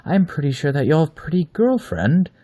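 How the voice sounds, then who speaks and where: A man's voice: a little high, big pitch swings, moderate pace, dark tone, no echo, voice pushed up. A man reading aloud and voicing a male werewolf killer who talks in a mock-fatherly, toying way, with sudden snarls. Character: male werewolf killer, deep smooth voice, fatherly yet cruel.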